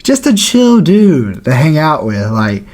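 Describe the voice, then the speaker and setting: A man's voice: on the high side, wildly swooping pitch, slow, darkish tone. A man hosting a casual video countdown, talking in a slangy, joking way. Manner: slangy and jokey. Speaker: YouTube host. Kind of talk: casual commentary.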